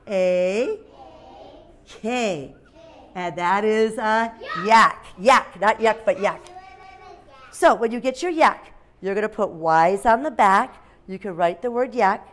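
A woman teacher leading a phonics lesson for young children, speaking in an animated, sing-song way and breaking into dramatic shouts. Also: mid-range voice, a little hiss or hum.

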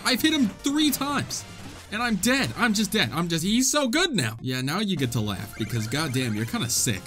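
A young man giving casual, excitable gameplay commentary, swearing and trash-talking the enemies. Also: high voice, moderate pace, faint music behind. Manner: excitable, profane, jokey trash talk. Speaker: gaming video host.

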